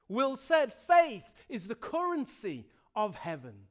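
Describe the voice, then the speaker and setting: A man, the pastor of a church, preaching a sermon with passion, moving from loud emphasis to soft pleading and often repeating himself. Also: very high-pitched, huge pitch swings, slow, few pauses. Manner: repeats words and restarts phrases.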